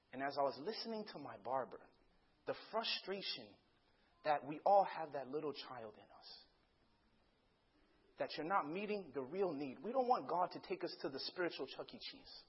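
A man preaching a sermon, swinging between loud dramatic bursts and hushed passages, and acting out the voices in a story. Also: fairly high pitch, expressive, moderate pace, husky, muffled recording.

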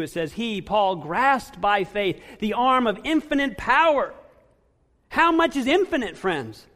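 A pastor with a notably high voice delivers his sermon, reading scripture with dramatic pauses. He rises to loud, emphatic peaks and then sinks to quiet, stretched-out endings. His voice rings out with the long reverb of a large church sanctuary. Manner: swings between loud emphasis and hushed, drawn-out endings.

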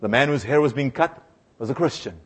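A male preacher delivering a sermon with animated storytelling and call-and-response repetition. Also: mid-range voice, a little fast, slightly rough.

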